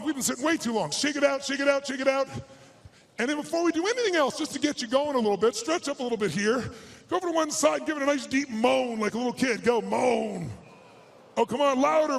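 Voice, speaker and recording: Gravelly high-voiced man rousing a crowd. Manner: commanding, fires rhetorical questions at the crowd, bursts into shouts. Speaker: motivational speaker. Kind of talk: high-energy seminar talk to a live audience.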